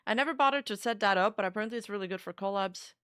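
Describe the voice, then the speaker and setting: A woman's voice: mid-range voice, rapid-fire, a bit bright, smooth, dry recording, clean studio sound. A young adult woman streamer in casual reaction commentary, chatty, swearing freely and filling her talk with "like.".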